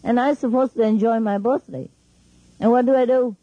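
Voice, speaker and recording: A woman's voice: fairly high pitch, steady tone, moderate pace, warm tone, no room sound, lo-fi sound. A woman spiritual teacher talking informally and emphatically to her followers, laughing often and speaking in non-standard English.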